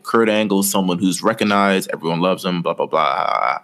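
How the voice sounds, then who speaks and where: A man's voice: low-pitched, normal speed, hardly any pauses, a bit bright. A man co-hosting a podcast, casually rambling through a story with lots of fillers. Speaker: podcast co-host. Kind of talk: casual chat.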